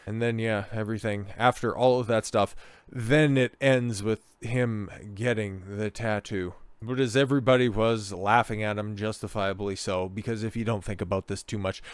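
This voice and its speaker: Guy ranting on a reaction vid, smooth lowish voice, blunt and swears a lot, dry close sound. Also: moderate pace, no echo. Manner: blunt, incredulous and profane. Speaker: commentator. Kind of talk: reaction commentary reading out messages.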